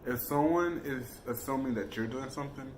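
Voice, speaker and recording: A man's voice: medium pitch, moderate pace, a little hiss or hum. A man chatting casually and cutting in with blunt comments while someone tells a story. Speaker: co-host.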